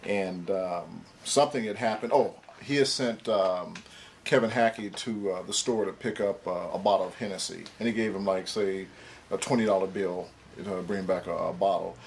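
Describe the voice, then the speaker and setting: A man's voice: sits low, fairly even intonation, normal speed, creaky, a little hiss or hum. A man in a documentary interview, telling an anecdote in a rambling way, full of uh and um. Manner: rambling storyteller, many fillers.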